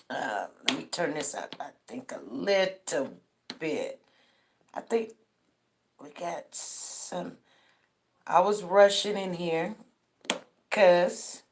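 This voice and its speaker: Slow-talking tired woman livestream host. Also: on the low side. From Denver. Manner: greets viewers by name, drawls friendly shout-outs. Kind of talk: casual livestream roll call.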